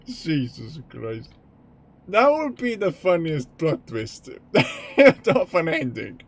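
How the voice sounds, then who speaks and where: A man's voice: on the high side, huge pitch swings, slow. A male streamer chatting casually during a game, often breaking into laughter. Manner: giggly, keeps breaking into laughter.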